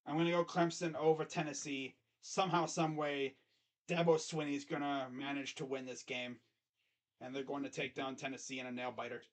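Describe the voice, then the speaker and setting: A man's voice: mid-range voice, flat delivery, normal speed. A man hosting his own channel, giving casual sports predictions in a rambling, self-correcting way. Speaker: host. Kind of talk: casual sports picks commentary.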